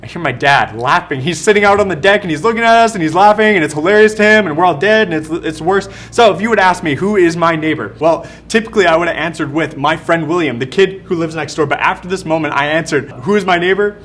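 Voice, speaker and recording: A young man preaching a youth sermon, telling stories in an animated, casual, slangy way. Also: a little high, quick pace, few pauses, a little hiss or hum. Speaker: youth pastor. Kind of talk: youth sermon with personal storytelling.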